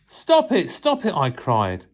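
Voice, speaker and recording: A man's voice: medium pitch, sing-song, measured pace. A man voicing a frightened talking teacup that cries out and pleads, in a storytelling sermon. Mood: crying out.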